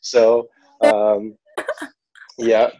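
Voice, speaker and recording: A man's voice: fairly low pitch, monotone, very slow, mellow, no echo, highs cut off. A man with a New York accent, a podcast guest telling stories in a rambling, casual way, full of "like" and "you know". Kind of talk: casual storytelling.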